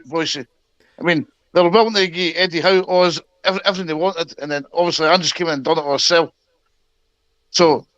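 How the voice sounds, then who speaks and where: Scottish male guest, higher voice, dull remote audio, plain-spoken. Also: fairly bright tone, no echo. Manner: blunt, swearing, conversational. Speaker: podcast guest. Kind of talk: casual football podcast chat.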